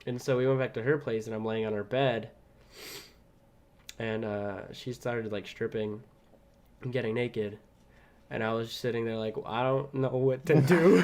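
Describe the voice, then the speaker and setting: A man's voice: mid-range voice, moderate pace, darkish tone, slight background noise. Young man telling a rambling story. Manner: rambling, swears often, laughs at himself. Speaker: podcast co-host. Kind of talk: casual chat, storytelling.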